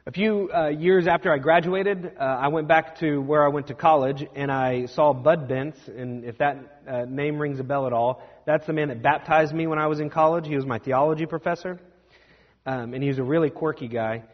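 A young man preaching a sermon as a pastor, conversational and self-deprecating, with quick asides. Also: fairly high pitch, big-room sound, dull audio.

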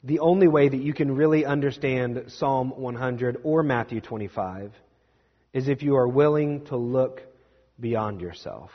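A young man preaching a sermon as a pastor, conversational and self-deprecating, with quick asides. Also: mid-range voice, long reverb tail, dull audio.

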